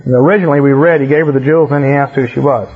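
A man reading scripture aloud and breaking off to explain it in relaxed, casual asides, as a Bible teacher, in a muffled lo-fi recording. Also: medium pitch, rapid-fire, slightly rough. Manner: reads verses, then explains in relaxed asides.

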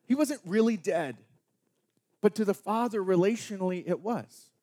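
A man in his thirties preaching a sermon as pastor, swinging between loud emphatic lines and hushed, quiet ones. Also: high voice, moderate pace.

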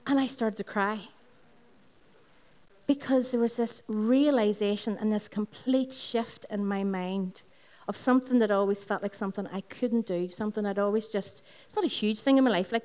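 A woman's voice: mid-range voice, a little mellow. A woman pastor with a Northern Irish accent delivers a sermon in a mid-range voice. She tells her own stories, repeats phrases for effect and asks the congregation questions. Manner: personal storytelling with repeated phrases, talks to the congregation. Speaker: lead pastor. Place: Sunday service in a school hall.

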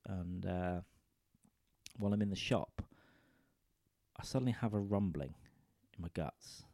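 A man's voice: sits low, unhurried, pauses often, mellow, dry recording, studio quality. A man telling a crude, rambling comic story into a microphone, often checking in with his listeners. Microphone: studio microphone.

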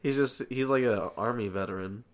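A man's voice: mid-range voice, a little fast. A man co-hosting a casual podcast, laid-back, with lots of fillers and casual swearing. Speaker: podcast co-host. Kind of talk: casual chat.

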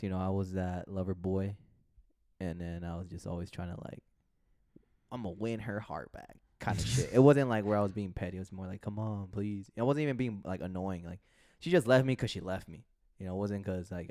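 Low smooth-voiced man telling stories. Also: quick pace, no room sound, clean studio sound. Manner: animated storytelling, acts out quoted voices; swears casually. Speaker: podcast co-host. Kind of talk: casual chat.

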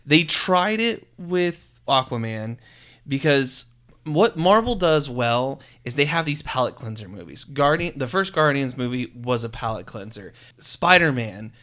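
Animated man chatting about films. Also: medium pitch, a little slow. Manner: animated, retells scenes with quoted voices. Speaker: podcast co-host. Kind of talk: casual film discussion.

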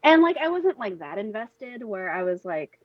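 A woman's voice: medium pitch, very animated, moderate pace, dry recording. Rambling woman, dull dry recording. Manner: rambling storyteller, says "like" a lot. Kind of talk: casual chat.

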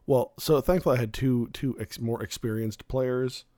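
A man's voice: medium pitch, moderate pace, no echo, studio quality. A man in casual chat, a first-time game master who rambles, restarts his sentences and livens up when he tells a story. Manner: rambling, self-correcting, animated when telling stories.

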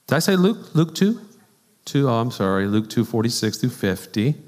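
Animated male pastor in a reverberant church. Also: mid-range voice, moderate pace. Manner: animated storytelling with asides and laughs. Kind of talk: conversational sermon. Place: church sanctuary. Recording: long church hall reverb.

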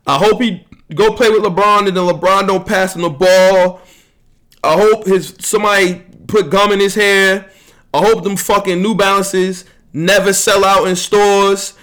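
A young man hosting a podcast, talking fast and heatedly, bragging and ribbing his friends in casual slang-heavy chat. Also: high-pitched, steady tone, a bit bright. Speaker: podcast host.

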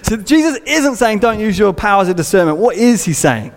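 A man's voice: high-pitched, big pitch swings, a little fast. A man preaching a sermon in a church, conversational and humorous, acting out little scenes. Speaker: pastor. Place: church auditorium. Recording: long reverb of a large hall.

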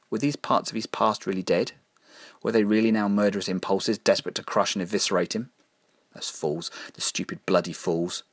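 A low-pitched man tells a dark horror story in a measured, grim way, slowing to lean on key phrases. There's no room sound.

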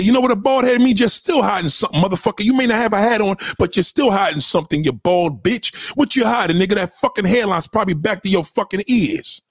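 Husky high-voiced man ranting aggressively. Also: no room sound, clean studio sound. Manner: aggressive, insulting, repetitive. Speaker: online commentator reacting to clips. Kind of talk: profane reaction rant.

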